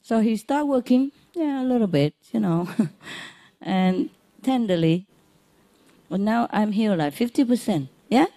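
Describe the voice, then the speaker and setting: A woman's voice: mid-range voice, lively intonation, a little slow, pauses often, warm tone. A woman teacher giving an informal spiritual lecture in simple, slightly broken English, chatty and laughing often, speaking straight to her listeners. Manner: chatty, laughs often, repeats phrases, talks directly to listeners.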